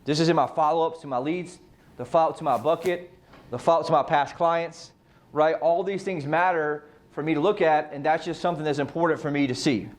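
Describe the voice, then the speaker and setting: Male real estate coach, a bit high in pitch, casual motivational speaker who peppers the room with rhetorical questions and swears. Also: fairly quick. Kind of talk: motivational team meeting talk.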